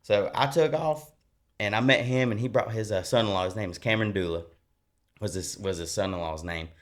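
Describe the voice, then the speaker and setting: A man sharing his personal faith testimony as a podcast guest, earnest and animated, talking in a colloquial, rambling way with many restarts. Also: fairly low pitch, a little fast.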